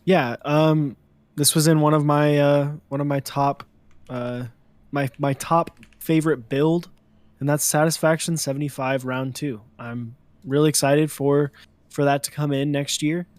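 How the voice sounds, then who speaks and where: A man co-hosting an online show, chatting casually with halting enthusiasm. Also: fairly high pitch, flat delivery, darkish tone, no echo. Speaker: podcast co-host. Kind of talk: casual chat.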